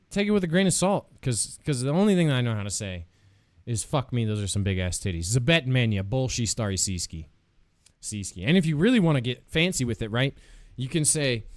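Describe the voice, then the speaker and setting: A man's voice: a little high, no echo, clean studio sound. A man streaming live, chatting casually with viewers in a playful, joking way, laughing often and swearing freely.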